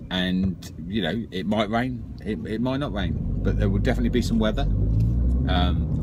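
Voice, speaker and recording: A man giving a rambling, deadpan joke weather report while driving in a car. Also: on the low side. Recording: loud car noise.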